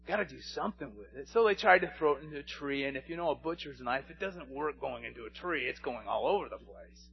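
A man's voice: medium pitch, lively intonation, fairly quick, gravelly, few pauses, lo-fi sound. A man, a pastor, preaching a sermon and telling stories, at times rising to passionate pleading. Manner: storytelling, rising to impassioned pleading.

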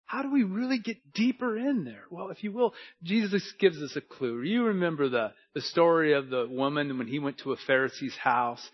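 A man preaching a sermon with a somewhat high voice that moves between a quiet, intimate hush and loud, emphatic passages. The recording is dull and lo-fi, with the top end muffled. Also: normal speed, hardly any pauses. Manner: preaching with wide swings from hushed to emphatic. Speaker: pastor. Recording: dull lo-fi sound.

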